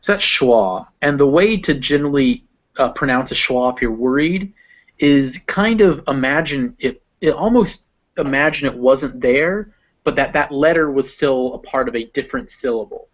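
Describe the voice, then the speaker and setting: A man's voice: medium pitch, animated, moderate pace. A man tutoring a student one-on-one in pronunciation, patiently explaining sounds and modeling words aloud. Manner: patient, explaining with spoken examples. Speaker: phonetics tutor. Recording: dull lo-fi recording.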